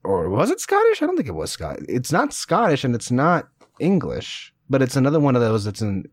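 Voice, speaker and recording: A man's voice: mid-range voice, huge pitch swings, fairly quick, slightly rough. A man co-hosting a podcast, talking in a hesitant way with many fillers and self-corrections. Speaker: podcast co-host. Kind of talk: casual chat.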